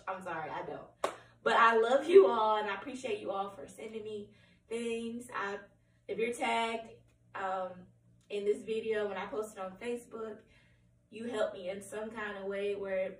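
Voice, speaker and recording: A woman with a hoarse, cracking voice giving a candid personal update at home, rambling and apologetic with many ums. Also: mid-range voice, slight background noise. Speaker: vlogger. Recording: roomy, distant from the mic, faint room ambience.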